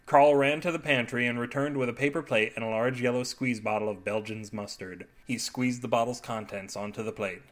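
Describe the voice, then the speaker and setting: A man's voice: on the low side, moderate pace, few pauses. A man hosting a comic story podcast, narrating in a playful, jokey, mock-grand way.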